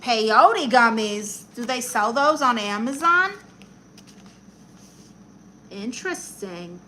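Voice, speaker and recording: A woman's voice: fairly high pitch, animated, slow pace, pushed and bright, slight background noise, heavily acted. A woman playing a brash, blunt middle-aged aunt who calls herself a therapist, chatting on a live stream while she colors and reads the chat. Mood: chatty. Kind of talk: improvised character comedy live stream.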